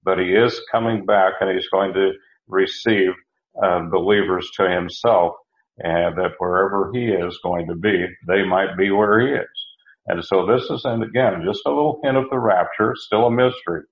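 Man, Bible teacher, very low voice, folksy, self-correcting, dull roomy recording. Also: moderate pace. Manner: plain, folksy, self-correcting, explains Greek verb forms. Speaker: preacher teaching scripture.

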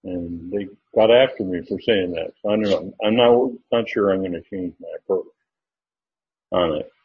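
A man's voice: low-pitched, moderate pace. A man teaching a Bible study lesson in a casual, thinking-aloud way, checking his sources as he goes. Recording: dull lo-fi recording with faint noise.

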